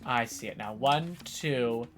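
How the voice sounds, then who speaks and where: A woman's voice: a bass voice, slow pace, faint music behind. A woman streaming a video game, chatting casually, self-mocking and swearing freely. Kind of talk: casual live-stream chat while gaming.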